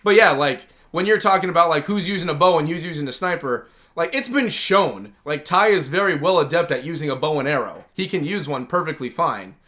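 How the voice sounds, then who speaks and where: With lively intonation and a sharp tone, this male host's voice runs on the high side, fairly quick and with hardly any pauses. On his gaming livestream he chats casually and rambles enthusiastically, packing in lots of "like."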